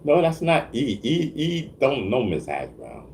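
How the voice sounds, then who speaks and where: A man's voice: mid-range voice, wildly swooping pitch, measured pace, a little mellow, slight background noise. Guy on his stream talking to chat, bouncy up-and-down voice, stuttery, laughs a lot. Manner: stammering restarts, frequent laughs, keeps asking "you know what I mean". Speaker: livestream host answering chat. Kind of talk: casual livestream chat.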